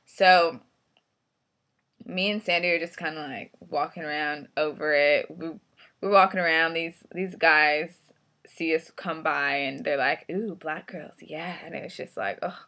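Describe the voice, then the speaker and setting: Low-voiced, forceful woman ranting frankly. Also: steady tone, unhurried. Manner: blunt, profane, frustrated storytelling. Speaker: vlogger. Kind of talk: casual storytelling rant.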